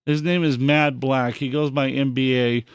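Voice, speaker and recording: A man hosting a podcast, reacting to clips in an excitable, heavily profane rant. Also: medium pitch, moderate pace, smooth, dry recording, studio quality. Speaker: podcast host. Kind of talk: casual commentary on clips.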